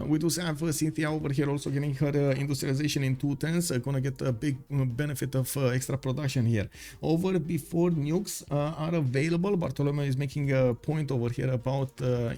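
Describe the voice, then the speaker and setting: A man's voice: a little high, mellow. A man giving live commentary on a strategy game match, talking with many fillers, reading viewers' messages aloud, and saying he is losing his voice. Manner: rambling, filler-heavy, reads chat aloud. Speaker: esports caster.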